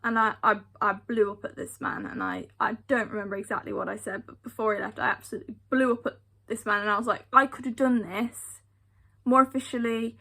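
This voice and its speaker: Gravelly, bright-voiced British woman. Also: on the high side. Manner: emphatic, repeats phrases for effect. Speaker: vlogger. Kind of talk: storytime retelling.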